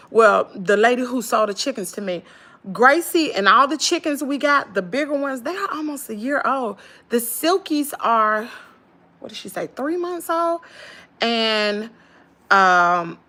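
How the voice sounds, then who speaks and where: A weary woman in her thirties with a Southern US accent vents casually to her viewers, lurching between loud exclamations and quiet muttering. The channel host talks in a folksy, slangy way and calls her audience "y'all."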